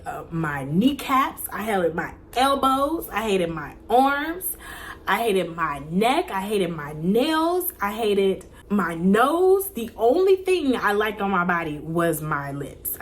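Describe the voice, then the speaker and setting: A young woman telling a personal faith testimony in an earnest, repetitive, emphatic way, sometimes dropping to soft near-whispers. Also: lowish voice, slight background noise. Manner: drops to soft near-whispers when reliving prayers. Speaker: vlogger.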